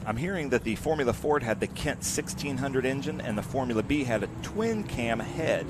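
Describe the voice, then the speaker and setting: A man doing live motorsport commentary, chatty and excited, reading out greetings from viewers. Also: medium pitch, moderate pace. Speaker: race commentator. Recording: steady noise in background.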